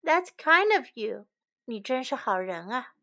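A woman's voice: a little high, sing-song, a little slow, pushed and bright, exaggerated voice. A woman voicing a poor but polite and cheerful male beggar in a children's storybook. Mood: grateful. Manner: polite, pleading.

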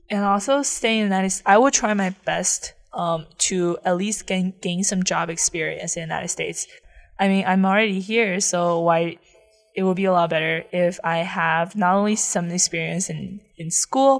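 A young woman from China, a college student, chatting casually as an interview guest in with lots of fillers. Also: on the low side. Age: young adult. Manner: chatty, many fillers and likes.

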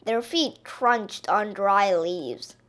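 A woman reading a children's picture book aloud in an expressive, drawn-out way. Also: mid-range voice.

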